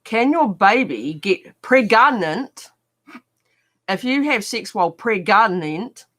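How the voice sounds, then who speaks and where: A woman's voice: medium pitch, expressive, takes it slowly, a bit bright. A woman reading silly online comments aloud on a comedy livestream, giggly and playful. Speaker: comment reader.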